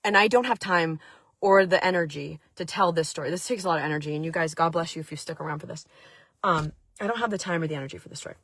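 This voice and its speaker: A woman from Maine tells a long personal story straight to camera, her voice a little husky. She talks casually with plenty of fillers. The sound is dry and close. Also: low voice, quick pace, a bit bright, no echo. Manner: chatty, lots of "like" fillers. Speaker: vlog host.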